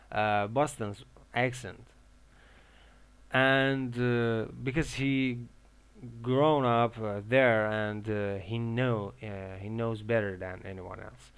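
A young man from Iran, talking casually as an English learner giving advice, with many filler pauses and restarts. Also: medium pitch, clear, resonant tone. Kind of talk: casual monologue.

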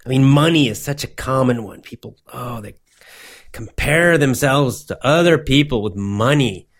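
A man giving a motivational English lesson, speaking slowly in simple words and repeating himself often. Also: mid-range voice, expressive. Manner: slow, simple wording with many repetitions. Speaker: English teacher.

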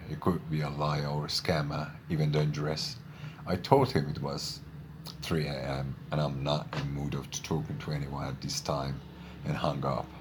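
A man casually telling a story to his viewers in a halting way, with frequent restarts. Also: extremely low pitch, a little hiss or hum.

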